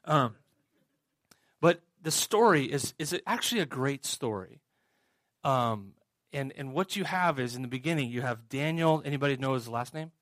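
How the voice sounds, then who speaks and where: A man's voice: medium pitch, expressive, moderate pace, a bit bright, dry recording. A man preaching a sermon, retelling a story in a storytelling way and putting questions to the audience. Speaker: pastor.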